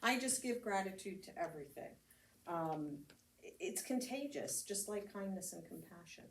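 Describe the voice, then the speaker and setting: A woman's voice: medium pitch, lively intonation, moderate pace, vocal fry, a little hiss or hum. A woman reverend with an American accent giving a casual, conversational homily, telling stories with laughs and fillers. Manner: chatty storytelling with laughs and fillers. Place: church meeting hall. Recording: roomy hall, speaker heard from a distance, faint ambience.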